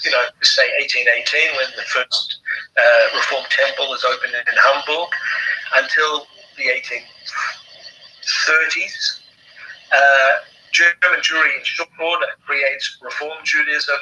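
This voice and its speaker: A man's voice: mid-range voice, fairly even intonation, unhurried, pushed and bright, low-quality recording. A man with an English accent, an author and historian talking at length in an interview, with many fillers and restarts. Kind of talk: conversational interview.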